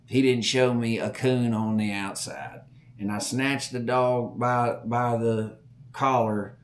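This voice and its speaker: A middle-aged man hosting a podcast, telling a story in a folksy way and acting out the voices. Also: fairly low pitch. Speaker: podcast host. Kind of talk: storytelling chat.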